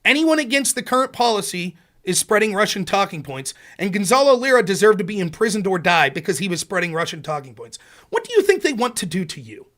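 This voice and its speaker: A man with a high voice delivers a heated political rant on his stream. He is sarcastic and keeps firing questions at his audience. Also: big pitch swings, fast, fairly bright tone. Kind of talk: casual ranting commentary.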